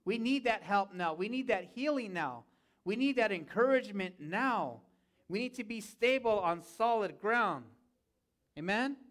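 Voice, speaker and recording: High-voiced man preaching a sermon. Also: lively intonation, measured pace, a bit bright. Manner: preaching with repeated calls of "Amen?" to the congregation. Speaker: pastor. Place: church sanctuary.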